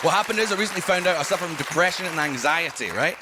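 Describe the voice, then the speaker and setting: A Scottish man performing a stand-up comedy set, telling stories with sudden loud punchlines. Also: a little high, animated, racing, a crowd in the background. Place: stage before a live audience. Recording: live show with audience laughter and noise.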